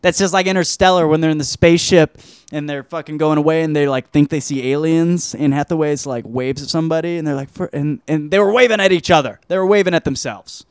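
A man's voice: fairly high pitch, fast talker, clean tone, dry recording, studio quality. A man hosting a podcast, reviewing a film in a loose, rambling monologue full of swearing and restarts. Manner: loose, profane, animated, trails off often.

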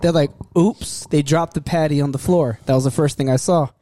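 A young man tells a story in a high voice, laughing as he goes and acting out every quoted line. He swears freely. The sound is close and dry. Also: fairly even intonation, quick pace, warm tone, no echo. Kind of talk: casual storytelling.

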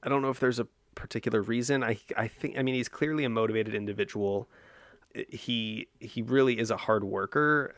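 A man's voice: fairly low pitch, vocal fry, a bit bright, no echo, studio quality. A man co-hosting a casual history podcast, explaining at length and thinking aloud with fillers and restarts. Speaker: podcast co-host.

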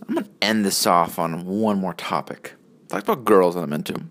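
A man's voice: low-pitched, animated, moderate pace, fairly bright tone. A man in his early twenties giving a rambling, profane solo monologue as a vlogger, often interrupting himself. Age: early 20s. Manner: profane, meandering, self-interrupting.

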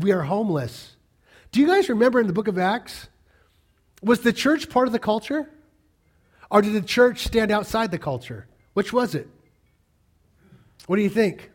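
A man preaching a sermon in a conversational way, often asking the congregation questions. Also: sits high. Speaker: pastor.

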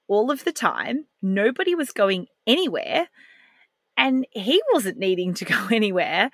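A woman's voice: a little high, fairly bright tone, dry recording. Candid mum telling her story. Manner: candid, heartfelt, laughs while recalling. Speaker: parenting podcast host. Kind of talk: personal storytelling podcast.

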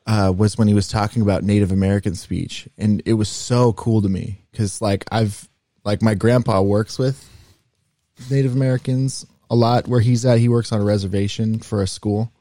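A young man co-hosting a podcast, telling stories in a rambling, animated way. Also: on the low side, moderate pace, no echo. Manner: rambling, animated storytelling with demo voices. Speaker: podcast co-host. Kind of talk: casual chat.

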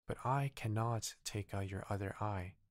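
A man's voice: fairly low pitch, a little slow, no echo, clean studio sound, lightly acted. A man reading as a kind little bird. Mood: earnest. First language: Korean. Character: small, kind, devoted male bird.

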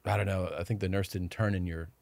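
A man's voice: deep voice, level tone, quick pace, vocal fry, darkish tone, no echo. A man chatting as a podcast guest, telling a long story with swearing and acted-out quotes. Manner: rambling, swears, acts out quoted dialogue. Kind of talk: casual storytelling chat.

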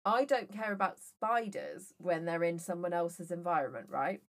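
A woman's voice: on the low side, moderate pace. A woman co-hosting a casual podcast chat, telling jokey stories with plenty of swearing. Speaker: podcast co-host.

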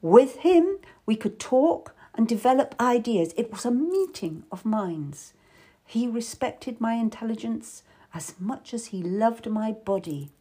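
Pitching herself above her natural voice, a woman performs a worldly, hardened middle-aged lady courtier in an audiobook, wistful with flashes of bitterness. Her delivery is fairly high, husky and dark-toned, expressive and a little slow, and the mood lands bitter.

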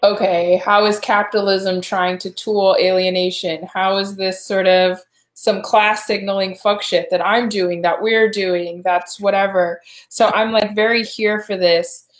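A woman with a mid-pitched voice co-hosting a podcast. She talks through ideas in a thoughtful, rambling way. The sound has a roomy echo. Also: steady tone, unhurried. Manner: thoughtful, rambling, with fillers and restarts. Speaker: podcast co-host. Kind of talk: casual podcast chat.

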